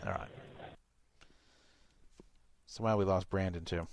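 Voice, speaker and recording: A man hosting a casual talk show, chatting in a relaxed, rambling, wry way. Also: low-pitched, slow, no echo. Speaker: show host.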